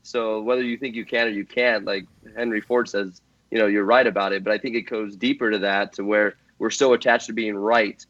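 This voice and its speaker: A man's voice: on the low side, fairly even intonation, fairly quick, a bit bright, dry recording, dull audio. A man guesting on a podcast, talking earnestly and at length, with lots of fillers and restarts. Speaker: guest drift driver. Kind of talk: casual podcast chat.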